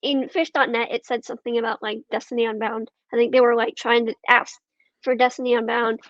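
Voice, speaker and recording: High-pitched woman guest, lots of ums, hesitant rambly chat, dry slightly muffled audio. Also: level tone, a little fast, no echo. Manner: hesitant, full of ums and trailing thoughts. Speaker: podcast guest. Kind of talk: casual conversation.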